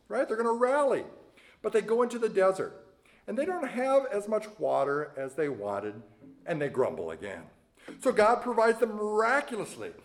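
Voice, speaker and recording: A male pastor delivering a sermon with a fairly high voice that swings widely up and down. He preaches conversationally and keeps tossing "right?" to the room. His delivery is lively and animated.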